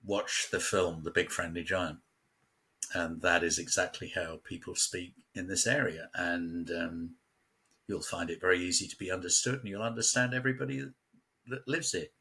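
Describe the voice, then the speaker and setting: In a casual conversation, an English man from West London chats as a local guest, a storyteller who laughs a lot. His voice is low-pitched, bright, forceful and slightly rough, with fairly even intonation at a normal speed.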